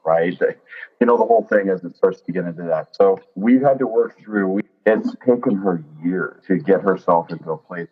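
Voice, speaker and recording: Husky low-voiced man in his fifties. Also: moderate pace, narrow, tinny audio. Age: 50s. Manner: earnest, lively, often quoting others in dialogue. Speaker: interview guest. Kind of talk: candid personal storytelling.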